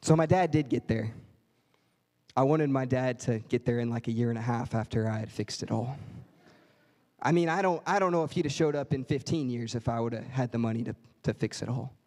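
Preaching in a church sanctuary, a pastor tells a story and performs the quoted voices. His mid-range voice is a little mellow and a little fast, and the recording carries the reverb of the church hall.

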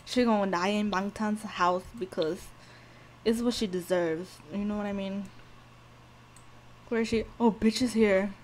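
A woman giving casual gameplay commentary, cursing and shouting at the game and speaking to viewers in slangy talk. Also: mid-range voice, fairly even intonation, measured pace, long pauses, slight background noise. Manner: profane, loud outbursts at the game; slangy, talks to viewers directly. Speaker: gameplay video host.

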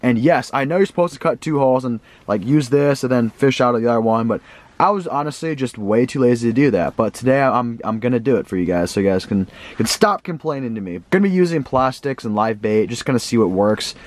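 A young man vlogging outdoors on a frozen lake, casually talking to his viewers and getting excited. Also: mid-range voice, quick pace. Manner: excitable, talks straight to viewers. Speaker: fishing vlogger. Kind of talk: casual vlog commentary.

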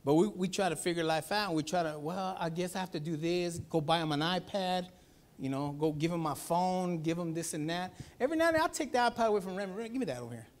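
A pastor preaching a Sunday sermon, telling a family story with acted-out voices. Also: male voice, sits high, fast. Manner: animated storytelling, acts out voices.

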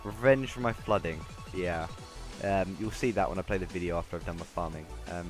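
A man's voice: low-pitched, a little fast. A man giving casual, rambling gameplay commentary, talking to himself as he plays. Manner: rambling, talks to himself while playing. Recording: game music playing underneath.

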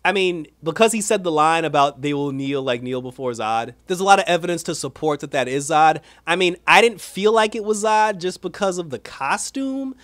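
A man casually recapping and reviewing an animated episode. He is animated, laughs often and acts out the characters' lines. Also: sits high, a little fast, hardly any pauses, dry recording. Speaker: show reviewer.

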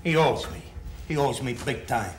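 In a medium-pitched voice at a moderate pace, a man lightly acts out a young loan shark who is brash, bossy and quick to anger. The mood is blustering: he hurls insults and commands, then switches to soothing, recorded in an echoey room.

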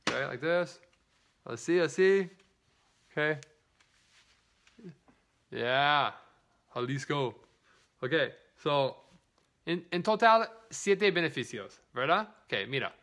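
Filming on his phone at home, a man chats his way through a casual live product demonstration, calling out viewers by name and switching into broken Spanish. His voice sits on the high side with a fairly bright tone.

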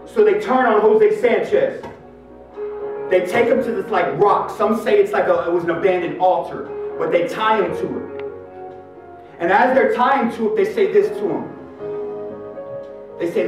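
A man, a Catholic youth minister, giving an energetic live faith talk with street slang. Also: high-pitched, moderate pace, long pauses. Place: large hall with live audience. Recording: echoey hall, mic far off. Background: guitar music.

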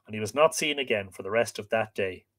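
A man hosting a livestream, reading an old tale aloud with expressive, lilting storytelling. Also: on the low side, quick pace. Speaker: host.

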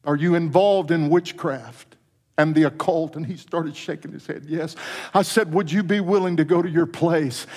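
A middle-aged man preaching a sermon as pastor, telling a story with soft, low quoted lines that climb into fervent passages. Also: moderate pace. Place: church sanctuary. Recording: long church reverb.

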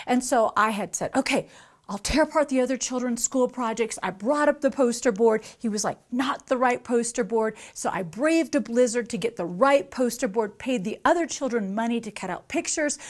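A middle-aged woman giving a storytelling sermon as a Christian teacher, acting out the voices of the people in her story. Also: on the high side. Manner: animated, acts out voices in her stories.

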